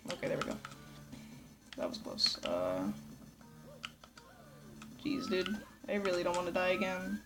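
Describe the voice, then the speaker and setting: A woman's voice: lowish voice, very animated, a little slow, pauses often, over music. A woman giving casual, rambling let's play commentary, swearing a lot. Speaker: gameplay commentator.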